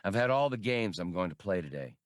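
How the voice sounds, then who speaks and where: A man's voice: deep voice, very animated, brisk, dry recording, clean studio sound. A man voicing a cocky male starship captain who speaks in wry, clipped orders.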